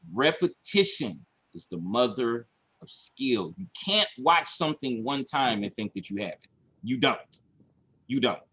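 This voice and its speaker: A man coaching his viewers in a casual livestream, emphatic and repetitive, acting out his own panic with shouts and laughs. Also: sits high, breathy edge. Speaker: online business coach.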